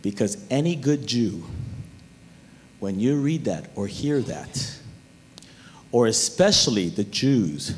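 A man preaching a sermon as pastor, animated and talking straight to his listeners, even humming tunes to make a point. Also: medium pitch, slow pace, long pauses, slight background noise. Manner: animated preaching, talks to the crowd.

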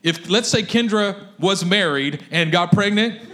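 A man preaches with a high, bright-toned voice. He tells stories in an animated way and leans into his points. His delivery is lively and conversational. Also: unhurried. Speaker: pastor. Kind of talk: sermon.

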